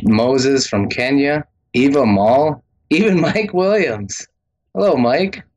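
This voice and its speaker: A man from Wisconsin calling in to a radio show and chatting in a friendly, relaxed way with holiday greetings. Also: medium pitch, slow, a little hiss or hum. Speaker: caller. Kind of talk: casual phone chat.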